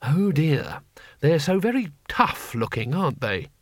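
A man voicing a mild, polite former teacher who talks calmly and drily. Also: on the high side, a little slow, no echo. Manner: calm, dry and polite.

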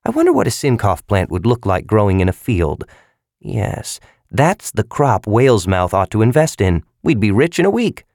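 A man voicing a bony, hard-eyed middle-aged man who talks in a loud, mocking, boisterous way. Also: on the low side, wildly swooping pitch, normal speed, no echo, clean studio sound, exaggerated voice.

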